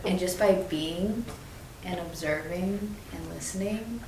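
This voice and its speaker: Woman, low monotone tribute; far mic. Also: takes it slowly. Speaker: friend giving a tribute. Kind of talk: reflective casual chat. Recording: echoey room, far mic, background noise.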